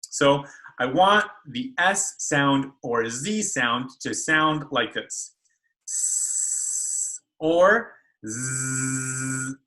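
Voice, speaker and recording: A man's voice: medium pitch, animated, slow, sharp tone, poor audio. A man speech therapist teaching children how to make speech sounds in a video lesson, carefully modeling each sound. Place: school.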